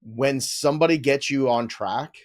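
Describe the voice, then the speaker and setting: A man's voice: mid-range voice, moderate pace. A man hosting a fantasy baseball chat, enthusiastic and opinionated as he argues for his picks. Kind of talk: casual analytical chat.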